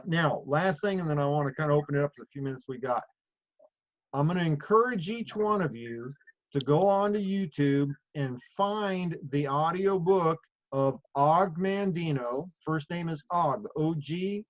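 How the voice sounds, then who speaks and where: A man's voice: on the high side, unhurried. A middle-aged man leading a group call with a casual, rambling, storytelling way of talking and many fillers. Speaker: leader of a sales group call. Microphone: phone or video call. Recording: muffled call audio.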